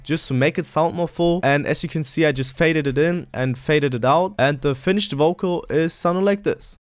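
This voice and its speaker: A young man with a slightly higher voice walks through his production steps in a loose, casual tutorial voice-over. He leans on fillers and restarts as he goes, with faint music playing underneath. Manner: relaxed walkthrough with many fillers like "basically" and "like".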